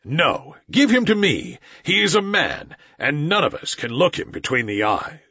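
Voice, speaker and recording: A man's voice: a little high, wildly swooping pitch, measured pace, pushed and bright, husky, no echo, full character voice. A man voicing a vicious male tiger who roars and sneers, in a slightly dull recording. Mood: contemptuous. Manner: roaring, sneering.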